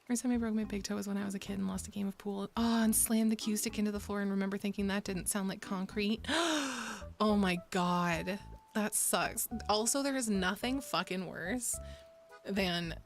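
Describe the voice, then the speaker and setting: A woman's voice: medium pitch, fairly even intonation, moderate pace, soft background music. A young woman streaming, chatting casually with viewers in a candid, profane way, gasping and laughing often. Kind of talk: casual chat reading viewer messages.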